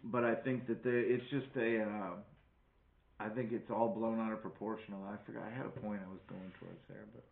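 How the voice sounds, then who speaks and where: A man's voice: fairly low pitch, flat delivery, a little fast, creaky. A man with a faint Wisconsin accent tells loose, profane stories as a comedy guest on a podcast. His voice is thin and phone-like, and it bounces around an echoey room. He rambles from one tangent to the next. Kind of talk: casual podcast chat.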